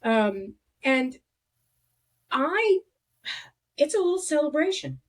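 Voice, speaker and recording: A woman hosting a podcast, talking in a reflective, halting way with many restarts. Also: sits high, big pitch swings. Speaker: podcast host. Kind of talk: casual conversation.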